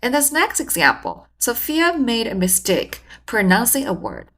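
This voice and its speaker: A woman hosting a communication channel, giving measured, explanatory scripted narration. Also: a little high, wildly swooping pitch, a bit bright.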